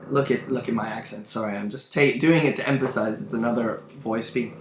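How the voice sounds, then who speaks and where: A man's voice: mid-range voice, normal speed, fairly bright tone. A man teaching a lesson on a play, thoughtful and musing with emphatic bursts. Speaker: literature teacher. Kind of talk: lecture on a play. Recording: roomy room, faint background hum.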